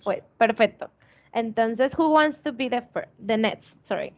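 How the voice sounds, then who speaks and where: A woman's voice: a little high, normal speed, darkish tone, muffled recording. A woman teaching an online English class, encouraging her students and switching between English and Spanish. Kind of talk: bilingual online class instruction. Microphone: video call.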